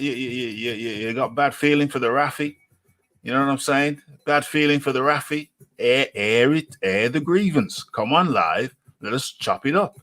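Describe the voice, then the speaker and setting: A man's voice: fairly low pitch, fairly bright tone. A man hosting a live show in a casual, teasing way, who repeats himself for emphasis and talks about himself in the third person. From United Kingdom. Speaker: host.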